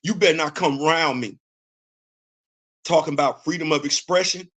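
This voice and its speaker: A man's voice: on the high side, a bit bright. A middle-aged American man hosting a show, delivering a heated, blunt political rant. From United States. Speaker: host.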